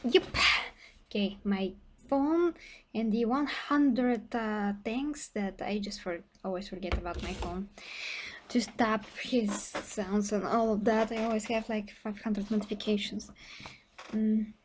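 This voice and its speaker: A woman's voice: medium pitch, unhurried, darkish tone, a little hiss or hum. A young woman talking casually to her viewers about fitness in a blunt, chatty way, with many fillers and restarts. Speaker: fitness vlogger. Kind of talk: casual livestream talk to viewers.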